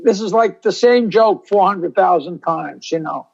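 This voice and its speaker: An older comedian guest on a video call, telling stories in a rambling, self-interrupting way. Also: male voice, high voice, measured pace, gravelly, darkish tone, lo-fi sound.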